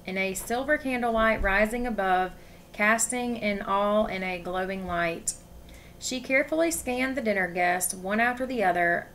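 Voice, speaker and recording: A woman reading a novel aloud with expression, pausing to ask her listeners questions. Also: medium pitch, a bit bright, a little hiss or hum. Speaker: story reader.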